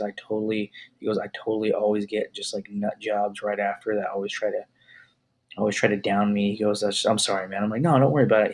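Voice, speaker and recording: Husky laid-back podcast guy. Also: on the low side. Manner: rambling storyteller, animated. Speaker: podcast co-host. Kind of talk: casual chat.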